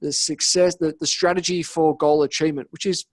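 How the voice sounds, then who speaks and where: Lively, high-voiced Australian man. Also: brisk, no echo. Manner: energetic storytelling, acts out quoted dialogue. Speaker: podcast guest, business coach. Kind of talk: casual interview talk.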